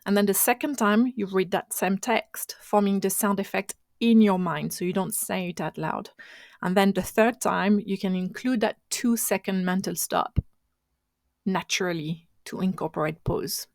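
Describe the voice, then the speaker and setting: A woman with mid-range pitch talks a listener through speaking exercises from home, in a dry, close recording with almost no room sound. English is not her first language. She explains things in a patient, chatty way and sometimes stops to restart a phrase. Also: moderate pace, creaky, no echo. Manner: instructive, conversational, with frequent restarts. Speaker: podcast host and marketing coach. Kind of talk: solo coaching podcast talk.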